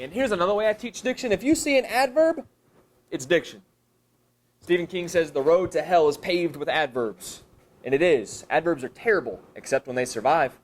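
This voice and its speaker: Lively, animated man leading a workshop. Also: normal speed. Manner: animated, jumps high in pitch for emphasis; thinks aloud, asks and answers his own questions. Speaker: teacher trainer. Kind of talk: professional development workshop talk. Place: high school room with an audience. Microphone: camera recording a live session.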